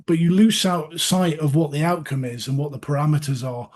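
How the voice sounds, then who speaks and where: A man on a video call webinar, his voice sitting a little high for a man. He talks in a halting way, doubling up words as he thinks aloud. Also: steady tone, a little mellow. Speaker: guest panelist. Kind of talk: webinar discussion.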